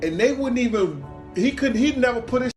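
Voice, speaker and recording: A man's voice: very high voice, expressive, fairly quick, music in the background. A man telling a casual anecdote in slangy speech, stumbling and repeating words as he laughs his way through it. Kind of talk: casual storytelling.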